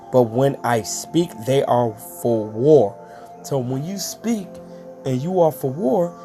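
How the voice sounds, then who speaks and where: A man preaches scripture in slow, stretched-out phrases, full of slang and little checks like asking if you are with him. A faint bed of music runs quietly underneath his voice. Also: mid-range voice. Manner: slangy, drawn-out emphatic delivery, frequent asides. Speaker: street preacher. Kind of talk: informal scripture teaching.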